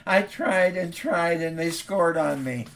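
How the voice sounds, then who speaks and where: A man's voice: fairly high pitch, slow, fairly bright tone, distant mic. A man voicing a heartbroken young boy who sobs out his words to his father. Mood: sobbing. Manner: sobbing, pleading.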